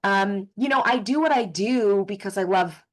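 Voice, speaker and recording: A woman actor answering interview questions in a casual, effusive way, with quick asides and jokes. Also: mid-range voice, poor audio. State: briefly emotional, close to tears.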